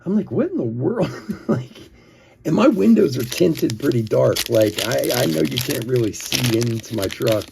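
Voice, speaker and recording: A man's voice: medium pitch, expressive, moderate pace, vocal fry, background noise. A man, host of a live card-breaking stream, telling a rambling story full of "like" and chuckles. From Philadelphia area. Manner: rambling, chuckles often, says "like" a lot. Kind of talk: live-stream storytelling while opening cards.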